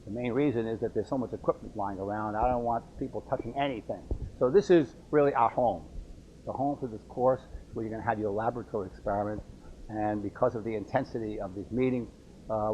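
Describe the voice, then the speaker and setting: A man teaching a university course who takes roll in a classroom lab, with halting speech and repeated words as he checks how names are said. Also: fairly low pitch, dark tone, lo-fi sound, a little hiss or hum. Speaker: university instructor. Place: classroom laboratory.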